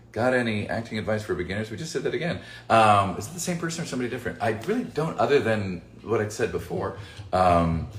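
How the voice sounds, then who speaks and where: A man who voices characters, answering fan questions in a casual livestream Q&A. He jokes, swears casually and reads the chat aloud. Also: sits low. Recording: roomy echo with faint music.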